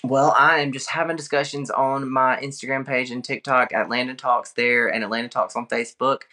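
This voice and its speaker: A man's voice: medium pitch, steady tone, fairly quick, bright, forceful tone. A man, a podcast guest talking casually in rambling digressions and laughing often. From American South. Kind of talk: casual chat.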